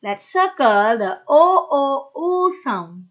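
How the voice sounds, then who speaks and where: Her high voice is sing-song and very slow as she teaches children phonics. She sounds out the letters one at a time, repeats each word and offers praise, and the recording is dull and lo-fi.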